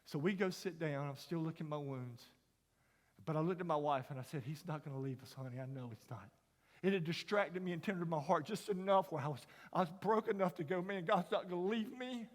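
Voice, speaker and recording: A middle-aged man telling a personal story as a sermon, folksy and dramatic, dropping to hushed asides and rising to loud emphasis. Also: on the high side, a little fast. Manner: folksy, dramatic storyteller, drops to whispers and rises to near shouts. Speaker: chapel speaker. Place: large university chapel. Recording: long hall reverb.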